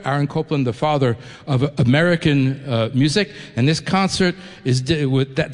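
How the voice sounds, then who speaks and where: A man who grew up in New York, speaking enthusiastically and conversationally to a concert audience, with frequent restarts. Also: fairly high pitch. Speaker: orchestra executive addressing a concert audience. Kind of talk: live speech to an audience. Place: concert hall. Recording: long hall reverb.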